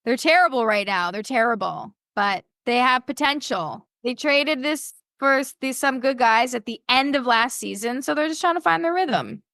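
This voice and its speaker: A woman from Toronto, a podcast guest chatting casually and telling stories in an animated way. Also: high-pitched, moderate pace, few pauses, no echo. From Toronto, Canada. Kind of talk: casual chat.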